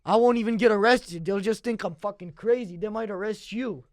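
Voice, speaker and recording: A man hosting a comedy podcast, asking provocative questions in a deadpan way. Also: sits high, brisk, no echo, clean studio sound. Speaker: podcast host.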